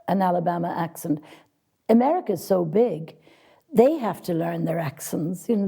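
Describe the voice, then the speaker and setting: A woman's voice: lowish voice, vocal fry, warm tone, husky. A woman casting director answering interview questions with direct, practical advice for actors, speaking frankly.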